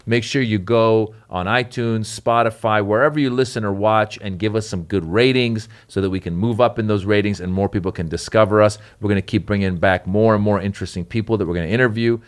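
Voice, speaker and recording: A man's voice: lowish voice, steady tone, fairly quick, hardly any pauses, smooth. A middle-aged man hosting a comedy podcast, talking in an upbeat, chatty, joking way. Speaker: podcast host. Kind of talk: casual comedy podcast chat.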